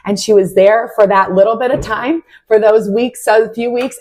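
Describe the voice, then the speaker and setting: A young adult woman, a Christian podcast host, shares a heartfelt personal faith testimony in a casual way, using "like" a lot. Her voice is a little high and darkish in tone, with fairly even intonation. She talks at a normal speed and barely pauses.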